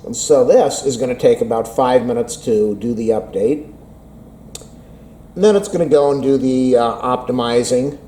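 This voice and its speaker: A tech vlogger rambles casually to camera about a phone update, self-deprecating as if talking to himself. A camera mic picks him up from across an indoor room: a man's warm, medium-pitched voice at normal speed, with slight background noise and a low-quality recording.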